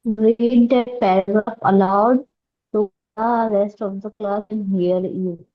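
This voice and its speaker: A woman student, joining an online class over a dull, lo-fi call line. She reads sentences aloud and answers briefly. Her voice sits at a middle pitch. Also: steady tone, slow pace. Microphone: video call.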